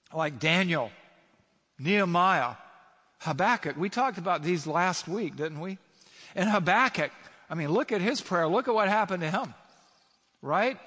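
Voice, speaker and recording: Guy preaching, slightly higher voice, lots of punchy rhetorical questions, long hall echo. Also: fairly bright tone. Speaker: pastor. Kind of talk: sermon.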